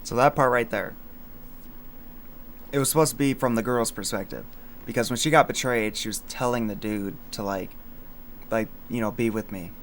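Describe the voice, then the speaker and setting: A man's voice: medium pitch, normal speed, long pauses, a little hiss or hum. A young man in casual livestream chat, rambling with many fillers and slang as he breaks down his own song lines. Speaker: streamer explaining his song.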